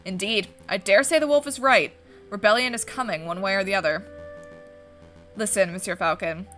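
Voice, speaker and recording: A woman's voice: medium pitch, fairly bright tone, close to an everyday voice. A woman voicing a suave fox detective. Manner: smooth, formal, courteous. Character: suave male fox private investigator.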